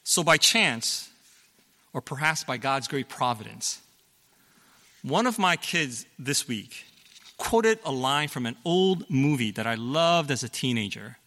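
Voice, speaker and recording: A man's voice: mid-range voice, lively intonation, slow, bright, forceful tone. A middle-aged man preaching a sermon as a pastor, explaining things in a conversational way with fillers and self-corrections. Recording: long reverb of a hall.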